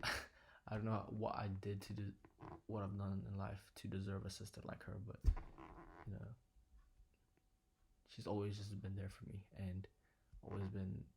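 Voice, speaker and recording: A young man talking quietly and earnestly in a personal vlog from his living room, sometimes dropping to a whisper. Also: on the low side, creaky, a little hiss or hum. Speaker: vlogger.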